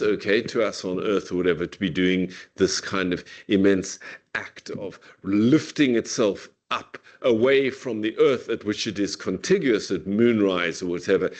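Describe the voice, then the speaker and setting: Man lecturing on poetry, casually. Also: mid-range voice. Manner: casual, peppers speech with "okay" and "whatever"; reads verse aloud slowly and deliberately. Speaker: literature lecturer. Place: online meeting. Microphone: video call.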